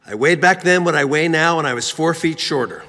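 A man's voice: fairly high pitch, brisk, bright, forceful tone, slight background noise. A man from Philadelphia telling a humorous, self-mocking story in a sermon, with frequent fillers and restarts. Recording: reverberant church hall.

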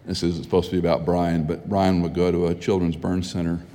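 A man's voice: low voice, level tone, fairly quick, warm tone. A middle-aged man preaching a sermon as pastor, telling stories conversationally and growing emphatic. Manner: conversational storytelling, rising to emphatic. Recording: hall with long reverb.

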